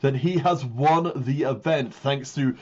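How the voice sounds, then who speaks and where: A man casting a live esports tournament, explaining standings and calling the action with rising excitement on big plays. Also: medium pitch, unhurried, lo-fi sound, slight background noise. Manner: excitable, builds hype on big moments. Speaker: tournament caster. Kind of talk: live esports play-by-play commentary.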